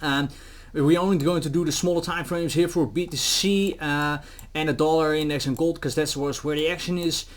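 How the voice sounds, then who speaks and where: Male trading commentator, slightly high pitch, chatty, filler-heavy delivery. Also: moderate pace. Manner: animated, acts out officials in quotes, many fillers. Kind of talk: casual market commentary to camera.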